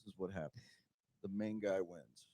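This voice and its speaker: Deadpan, blunt man in casual chat. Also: sits low, moderate pace, dry recording. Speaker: podcast co-host.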